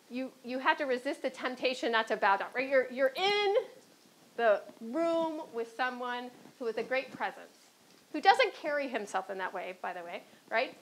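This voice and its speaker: A woman's voice: sits high, a bit bright, poor audio. A woman from Chicago with a Chicago accent, speaking on a panel as a former court clerk and telling stories, often checking in with "right?". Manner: anecdotal, often adds "right?".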